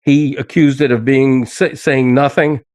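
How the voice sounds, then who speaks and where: A man's voice: mid-range voice, little pitch movement, unhurried, darkish tone, dry recording, clean studio sound. An older man hosting a podcast in casual chat, talking in an indignant way that he soon laughs off. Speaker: podcast host.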